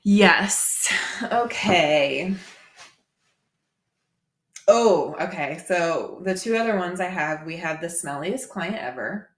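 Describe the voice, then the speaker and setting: A woman's voice: on the low side, animated, slow, long pauses. A young woman, a massage therapist co-hosting a podcast, telling stories casually, swearing and acting out quotes. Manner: storytelling, swears, acts out quotes. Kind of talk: casual chat. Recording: roomy echo.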